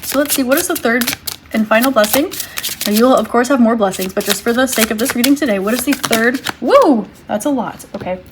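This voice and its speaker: A woman giving a tarot reading to her viewers, speaking in a gentle, reassuring way and thinking aloud as she draws cards. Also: fairly high pitch, quick pace, background noise. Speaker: tarot reader.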